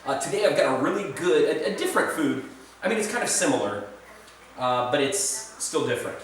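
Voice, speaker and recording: A man's voice: on the high side, animated, a little fast, far from the mic, a little hiss or hum. A man rambling casually in a food vlog, chatty and self-deprecating, recorded in an echoey room away from the mic. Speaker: food vlogger. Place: indoors in Serbia, roomy space.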